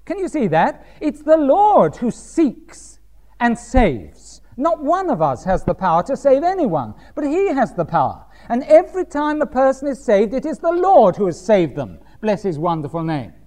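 A man preaching a sermon, reading scripture slowly and pressing his points with emphatic rhetorical questions. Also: very high-pitched, wildly swooping pitch, mellow.

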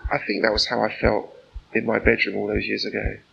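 Guy preaching a casual sermon, kinda gravelly, faint hiss behind, keeps asking "isn't it?" type questions. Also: fairly low pitch, monotone, brisk, pushed and bright, dull audio. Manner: conversational, full of rhetorical questions; personal and earnest. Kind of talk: informal sermon.

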